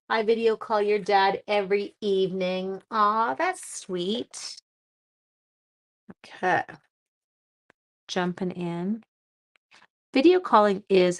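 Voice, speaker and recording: A middle-aged woman, chatting on a live stream while crafting, warm-hearted and getting teary. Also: on the low side. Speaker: livestream crafting host.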